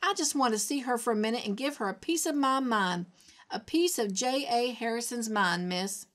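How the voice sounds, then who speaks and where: A woman's voice: fairly high pitch, moderate pace, lightly acted. A woman voicing a short, fat, bald old farmer who splutters with anger and keeps saying "miss" indignantly. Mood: furious.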